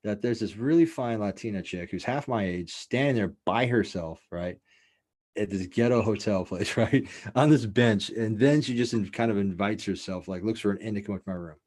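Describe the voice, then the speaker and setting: A man's voice: fairly low pitch, normal speed, darkish tone. A man hosting a podcast, telling a rambling, profane story in a loose, casual way and filling it with "like" and "you know.". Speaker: podcast host.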